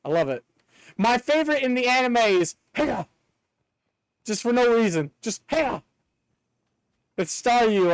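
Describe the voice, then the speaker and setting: A man streaming live in casual chat, excitable, swearing often and breaking into laughter. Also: high voice, clean tone, no room sound.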